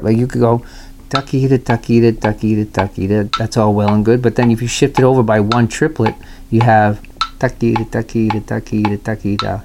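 A man talks through a casual music lesson in a mellow, dark voice and scats the rhythms out loud. Faint noise sits under the recording. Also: medium pitch. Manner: explains rhythms by scatting syllables. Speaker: music teacher.

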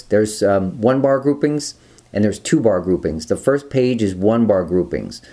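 A man teaching guitar rhythms, explaining step by step in a relaxed way and counting beats aloud. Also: fairly low pitch. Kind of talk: instructional talk with counting.

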